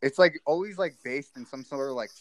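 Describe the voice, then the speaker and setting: A man's voice: mid-range voice, fairly quick, fairly bright tone, no echo. A man co-hosting a casual podcast who rambles, swears and laughs in the middle of sentences. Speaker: podcast co-host. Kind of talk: casual crude chat.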